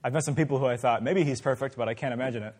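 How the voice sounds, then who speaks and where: A man's voice: mid-range voice, rapid-fire, darkish tone, in a large hall. A man leading an interactive Bible class, asking the group many questions in a conversational way. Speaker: Bible study teacher.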